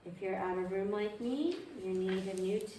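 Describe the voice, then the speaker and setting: A woman's voice: medium pitch, moderate pace, dark tone. A woman leads a group violin lesson, patiently walking her students through a melody and asking them questions as she goes. She sounds a bit distant from the mic, in an echoey room with a faint hum behind her. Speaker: violin teacher. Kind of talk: group music theory lesson.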